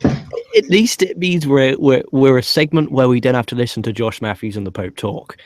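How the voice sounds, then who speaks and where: A man's voice: mid-range voice, lively intonation, moderate pace, dry recording. A man co-hosting a podcast, recapping a wrestling show in a dry, matter-of-fact way. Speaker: podcast co-host.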